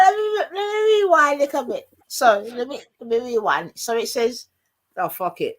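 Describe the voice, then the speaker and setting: Guy hosting a live stream, loose and animated, reads stuff out and jumps in with asides, throat a bit sore. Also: extremely high pitch, normal speed. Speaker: livestream host. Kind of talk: casual live-stream chat.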